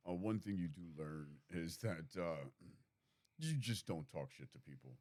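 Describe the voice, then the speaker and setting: A man's voice: deep voice, animated, normal speed, a little mellow, no echo. A man co-hosting a casual comedy podcast, talking loosely with lots of filler phrases. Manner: loose and rambling, full of "you know what I mean". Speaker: podcast co-host.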